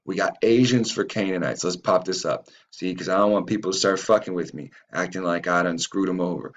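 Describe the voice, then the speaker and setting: A man's voice: deep voice, lo-fi sound. A man hosting his own channel, reading passages aloud and commenting on them in a profane, rambling way, stumbling over names. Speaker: channel host.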